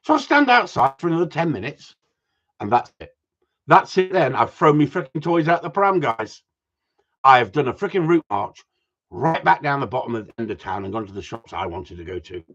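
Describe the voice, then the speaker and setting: Male streamer, husky, animated swearing storyteller, lively pitch, lo-fi sound. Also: a little fast. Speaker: live stream host. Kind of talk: casual ranting chat.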